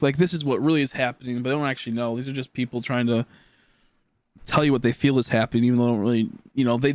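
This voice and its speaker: A man's voice: medium pitch, no room sound. Rambling young man streaming, dry sound. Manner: rambling, restarts often, swears when worked up. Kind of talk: casual live-stream chat.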